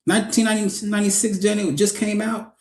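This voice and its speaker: A man's voice: sits high, little pitch movement, quick pace. A man being interviewed as an actor guest over a video call, telling stories in a rambling casual way with many restarts.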